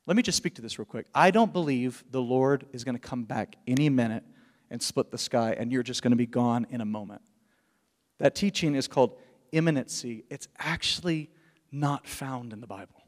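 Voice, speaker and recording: A man's voice: mid-range voice, moderate pace. Impassioned male pastor in a reverberant hall. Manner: impassioned preaching, swinging between loud emphasis and hushed lines. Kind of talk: sermon.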